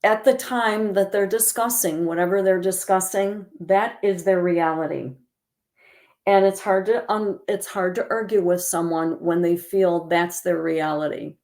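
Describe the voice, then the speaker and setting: Low, gravelly-voiced woman giving a talk. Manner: calm, instructive, models empathetic phrases. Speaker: presenter on caregiving. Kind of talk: educational presentation.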